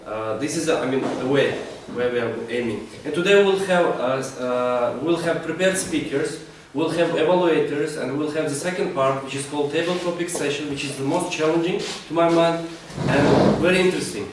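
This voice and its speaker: A man's voice: on the high side, normal speed, hardly any pauses. Man chairing a meeting in an echoey room. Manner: hesitant, with frequent fillers and restarts. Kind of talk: informal club introduction. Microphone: distant room mic. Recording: very echoey room recorded from far off, with noise.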